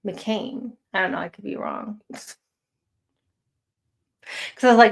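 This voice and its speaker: A woman with a Chicago accent talks casually to her livestream audience. She speaks slowly and drifts between thoughts with plenty of fillers. Her voice has a gravelly, creaky edge. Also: mid-range voice, steady tone. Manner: chatty, rambling with many fillers. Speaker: livestream host.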